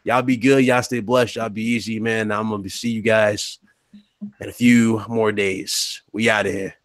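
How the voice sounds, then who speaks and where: A man hosting a casual gaming podcast, relaxed as he hands the mic to each panelist. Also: on the low side, normal speed, no room sound. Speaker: podcast host. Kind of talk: casual podcast outro chat.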